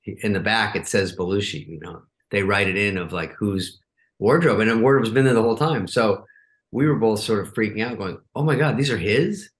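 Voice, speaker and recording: A man in his fifties sits in as a guest and tells stories in a lowish, unhurried speaking voice. He drifts between fillers and restarts, then bursts into lively, higher-pitched impressions of friends and strangers. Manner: animated, acts out quotes in raised voices. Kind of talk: casual interview storytelling.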